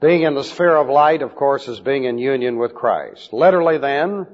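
A man preaching in a deliberate style, teaching Bible doctrine, and spelling out Greek words letter by letter. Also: medium pitch, lively intonation. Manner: slow, deliberate emphasis on key phrases. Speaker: pastor. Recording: dull lo-fi recording with long hall reverb.

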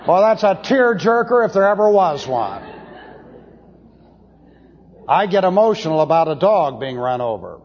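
A man preaching to a Bible class, blunt and opinionated, slowing down to press his points. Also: high voice, sing-song, a little hiss or hum. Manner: blunt, opinionated, slows for emphasis. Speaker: pastor teaching a Bible class. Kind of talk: sermon lecture. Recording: dull lo-fi tape in a reverberant hall.

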